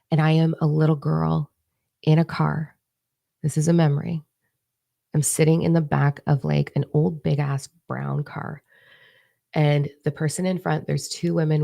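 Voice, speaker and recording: A woman's voice: low voice, creaky, mellow. A woman spiritual coach talking straight to her live-stream viewers, blunt and emphatic, swearing heavily as she urges them on. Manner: blunt, heavy swearing, emphatic calls to action. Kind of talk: intense motivational talk to viewers.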